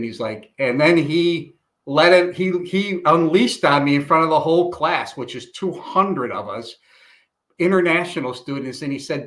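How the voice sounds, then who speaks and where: A man's voice: mid-range voice, normal speed. A middle-aged man, a retired police chief from Illinois, telling stories in a casual interview and acting out the voices of the people in them. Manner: animated storyteller, acts out quoted dialogue.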